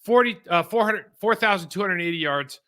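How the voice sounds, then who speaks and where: Bright-voiced ex-player breaking down game film. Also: male voice, sits high, brisk. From California. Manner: conversational and animated, with fillers like "man" and "like". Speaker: former pro football player turned analyst.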